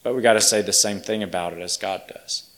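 Male pastor, measured sermon delivery, hushed at times. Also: on the low side. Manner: slow, earnest, dropping to a hush.

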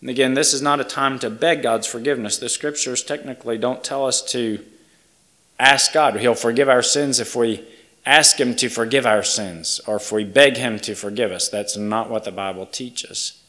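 A man's voice: mid-range voice, steady tone. Earnest man preaching a communion sermon. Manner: slow, earnest, dropping to a hush. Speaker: pastor.

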